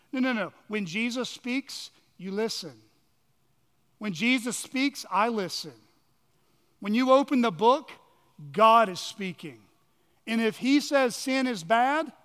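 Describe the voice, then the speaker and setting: A young adult male pastor preaching a sermon, telling stories with animation, quick asides and slow, hushed emphasis. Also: extremely high pitch. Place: church sanctuary. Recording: long hall reverb.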